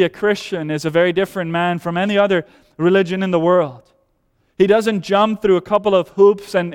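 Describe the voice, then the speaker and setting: A man whose first language is Dutch preaches to a congregation, pressing his points with repetition and swinging between hushed lows and emphatic highs. His voice sits high and comes through smooth and resonant. Long reverb from the church hall trails each phrase. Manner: emphatic, repeats phrases, drops to soft low voice then rises. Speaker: pastor. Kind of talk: sermon.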